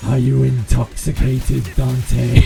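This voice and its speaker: This Cornish man's voice is mid-range, creaky and mellow. While streaming a video game, he keeps up casual, chatty commentary, laughing a lot and breaking into snatches of sea shanties.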